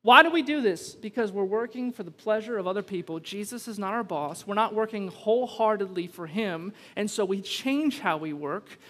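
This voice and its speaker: A high-pitched American man preaches in an emphatic, conversational way, mixing humor with growing urgency. His voice rings out with a long reverb, as if he is in a big church sanctuary. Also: lively intonation, normal speed, hardly any pauses, sharp tone. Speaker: pastor. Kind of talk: sermon. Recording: long reverb from a large hall.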